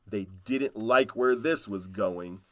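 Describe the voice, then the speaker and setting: A man reading a children's storybook aloud in a calm, unhurried way. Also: lowish voice.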